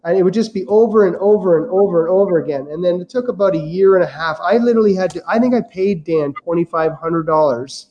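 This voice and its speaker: Male guest, lively anecdotal storyteller, mellow tone. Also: sits high, fast, hardly any pauses, dull audio. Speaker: guest real estate investor. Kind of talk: casual storytelling.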